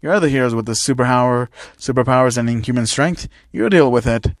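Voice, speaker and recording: A man's voice: mid-range voice, quick pace, dry recording, studio quality, lightly acted. A man voicing a flippant male talking sword. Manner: flippant, casual.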